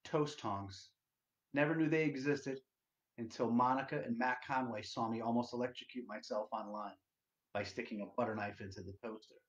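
A man hosting a casual solo livestream, loud and profane, rambling to his viewers. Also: medium pitch, steady tone, normal speed. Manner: loud, profane, rambling, sings along to music. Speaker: livestream host. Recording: dull lo-fi stream audio.

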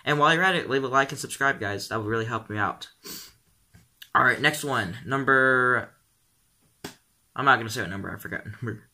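A teenage boy chatting casually on his vlog, rambling along with lots of ums and likes. His voice sits at a middle pitch and sounds very bright. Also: fairly quick, long pauses. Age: teens. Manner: rambling, full of "um" and "like". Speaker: vlogger.

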